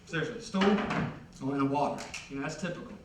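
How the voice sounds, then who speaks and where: A young man from Ohio, USA, performs a stand-up set on a concert venue stage, rambling, self-deprecating, and full of fillers. His voice is fairly high and brisk, with background noise, and the recording sounds like an echoey hall heard from a distance.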